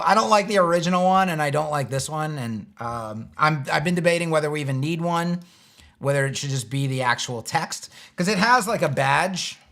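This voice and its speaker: A man's voice: fairly high pitch, gravelly, fairly bright tone. A man hosting a live web design stream, answering chat questions in a rambling, exasperated, joking way. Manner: rambling, exasperated, restarts and wry jabs. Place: home studio, seated in a chair.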